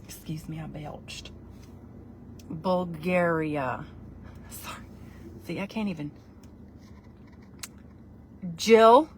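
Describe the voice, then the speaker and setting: A woman's voice: sits low, moderate pace, darkish tone, a little hiss or hum. A woman chatting casually with her viewers during a livestream, rambling and poking fun at herself. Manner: chatty, rambling and self-deprecating. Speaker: livestream vlogger. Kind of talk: casual live chat with viewers.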